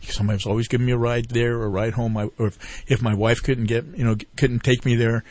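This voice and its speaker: An earnest man talks as a veteran guest in a casual interview. His voice sits at an everyday pitch and sounds dry and close. He rambles, restarts, and keeps quoting what other people said to him. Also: little pitch movement, quick pace, darkish tone, dry recording. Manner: rambling storyteller who retells others' words. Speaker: veteran guest promoting a fishing group. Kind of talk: casual talk-radio interview.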